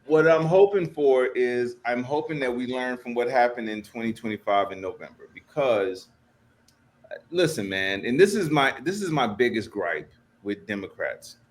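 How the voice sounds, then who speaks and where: A man's voice: medium pitch, animated, normal speed, a little hiss or hum. A man co-hosting a comedy politics podcast, ranting in exasperation. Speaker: podcast co-host.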